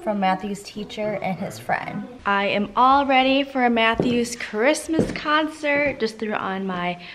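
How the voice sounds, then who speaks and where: A woman's voice: on the high side, animated, unhurried, noisy background. A young adult woman chatting casually to camera at home as a lifestyle vlogger. She sounds upbeat and gushing and keeps dropping "like" into her sentences. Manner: chatty, peppered with "like" fillers. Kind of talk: casual vlog chat to camera.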